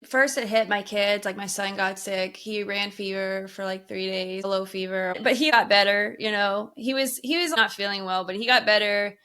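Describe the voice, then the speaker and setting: A woman's voice: medium pitch, steady tone, normal speed, few pauses, bright, forceful tone, clean tone. A woman co-hosting a podcast, chatting casually and telling a personal story with frequent laughs. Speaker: podcast co-host. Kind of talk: casual chat.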